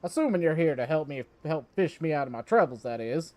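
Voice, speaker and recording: A man's voice: on the high side, animated, brisk, darkish tone, close to an everyday voice. A man voicing an eccentric, theatrical male fishmonger, reading his lines with grand storyteller flair.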